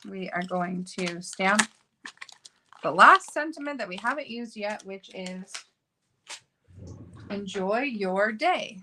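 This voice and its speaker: A woman's voice: medium pitch, lively intonation, slow, long pauses, pushed and bright, a little hiss or hum. A woman hosting a card-making video, chatting casually and thinking aloud as she works. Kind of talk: casual crafting tutorial chat.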